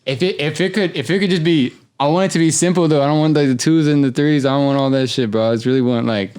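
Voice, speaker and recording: Young male podcast host, casual slang, rambling delivery, smooth resonant voice. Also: on the high side, quick pace, a little mellow. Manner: loose, slangy, rambling with restarts.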